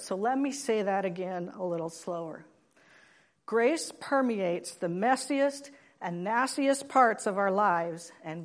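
A woman in her sixties from Oregon giving a sermon and personal testimony in a plainspoken, gently humorous way. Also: medium pitch. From Oregon, USA. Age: 60s. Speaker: lay preacher.

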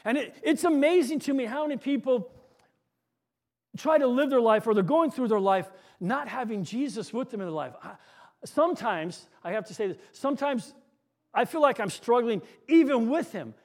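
A man preaching a sermon, telling stories and dropping to a soft hush on key lines. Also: very high voice, expressive, normal speed.

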